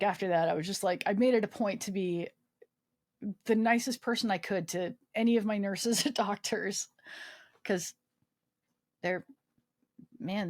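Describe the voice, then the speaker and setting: A woman's voice: mid-range voice, no room sound, clean studio sound. A woman guest recounting a personal story in a casual interview, acting out the quoted dialogue and swearing freely. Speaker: guest, army veteran.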